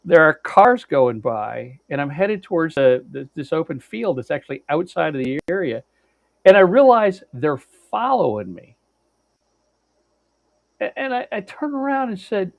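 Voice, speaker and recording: This podcast co-host has a gravelly, fairly high voice and is very animated, though he keeps a measured pace. He works through a long road-trip story casually, restarting often, using fillers, and swearing bluntly, in a dry, dull lo-fi recording with no echo.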